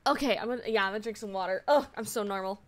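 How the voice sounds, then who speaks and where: A woman's voice: medium pitch, racing. A woman live-streaming, chatting casually, giddy and swearing a lot, repeating herself over and over.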